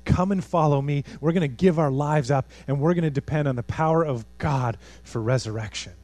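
A man preaching a sermon as a pastor, earnest, moving from lively urgency to hushed, quiet appeals. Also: medium pitch, a little fast. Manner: earnest, swings from animated to hushed.

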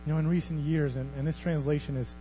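A man preaching a sermon as pastor, swinging from hushed, almost whispered passages to loud, thundering ones. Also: on the high side, fairly even intonation, fast talker, low-quality recording. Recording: faint mains hum.

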